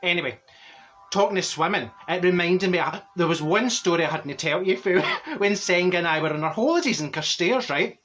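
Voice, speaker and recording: A man plays a comedy character, a chatty, straight-talking older Glaswegian woman with a Glaswegian accent, rambling and laughing through comic stories in a cheeky monologue to camera. His voice is high-pitched, expressive, a little fast and fairly bright, with soft background music.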